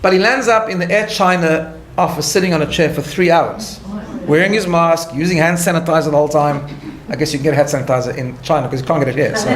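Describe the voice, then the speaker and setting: A man, a rabbi, giving a conversational lecture, telling a story in an animated way with light laughter at his own asides and frequent restarts. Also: a little high, reverberant. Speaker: rabbi teaching a class.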